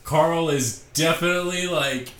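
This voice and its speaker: A man co-hosting a casual movie chat, telling stories in a relaxed way and laughing often. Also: on the high side, unhurried. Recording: roomy, echoey room sound.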